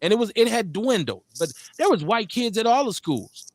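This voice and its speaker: A man hosts a talk radio show, worked up and profane. He hammers his points with rhetorical questions. His voice sits high and sounds dry and close to the mic. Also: big pitch swings, moderate pace, no room sound. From Milwaukee, Wisconsin. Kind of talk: heated political talk radio rant.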